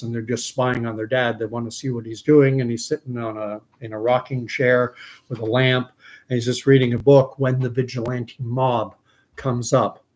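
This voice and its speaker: A man from Canada, host of his own commentary show, retelling a film scene in a reflective way. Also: mid-range voice.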